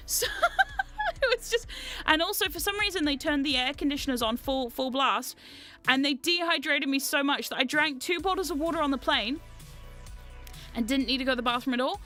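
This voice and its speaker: High bright-voiced woman rambling through a trip story, laughs a lot, swears, faint music behind. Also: normal speed, pauses often. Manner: animated, laughs often, swears casually. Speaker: VTuber vlogger. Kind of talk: casual storytelling chat.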